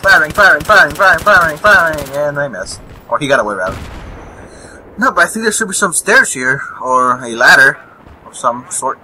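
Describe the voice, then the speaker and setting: In a low-quality recording with slight background noise, a young man comments live on his game, rambling, swearing and chuckling at enemies. His mid-range voice is pushed and bright, swings widely in pitch and moves at normal speed, with faint gunfire, vehicles and explosions behind.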